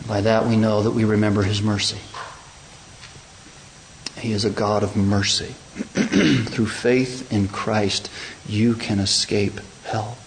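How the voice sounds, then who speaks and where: A man preaching a sermon, building from calm teaching to loud, high-pitched emphasis and then a hushed prayer. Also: takes it slowly, long pauses, a little hiss or hum, rough recording. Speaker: pastor.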